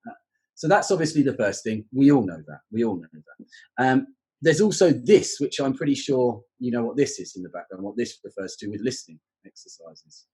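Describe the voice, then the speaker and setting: A man's voice: medium pitch, lively intonation, fairly quick, darkish tone, slightly rough, rough recording. A man, a podcast guest who explains exam teaching in a reflective, conversational way.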